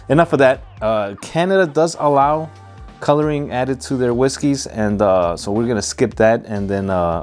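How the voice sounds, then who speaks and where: Laid-back low-voiced man with a Hispanic accent. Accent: Hispanic American English. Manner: relaxed, rambling, many fillers. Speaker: whiskey reviewer, channel host. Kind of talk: casual solo review vlog.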